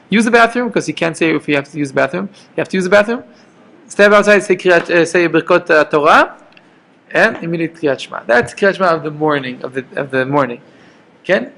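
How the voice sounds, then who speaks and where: Gravelly-voiced man teaching a Torah class. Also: on the high side, lively intonation, fast talker, a bit bright. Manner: conversational, checks in with "okay?" and "right?". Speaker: rabbi teaching Jewish law.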